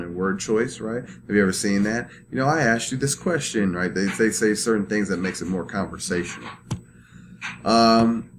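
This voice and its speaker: A man's voice: lowish voice, a bit bright, a little hiss or hum. A man teaching a recorded class over slides in a loose, conversational way, full of "uh" and "right?" checks. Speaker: instructor.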